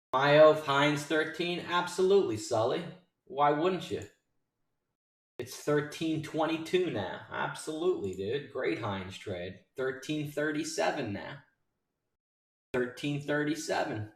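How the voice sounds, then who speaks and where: A man hosting a live day trading show, excitedly calling out prices and shouting out names from his chat. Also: medium pitch, distant mic. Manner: hyped, rattling off stock prices and chat names. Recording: roomy sound from off-mic.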